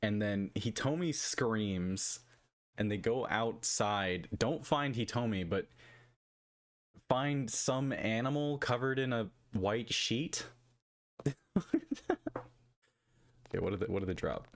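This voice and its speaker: A woman's voice: very deep voice, slow, pauses often. A woman streaming a game, reading its story and reacting with frequent laughs and disbelief. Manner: laughs often, incredulous reactions. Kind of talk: casual live-stream commentary.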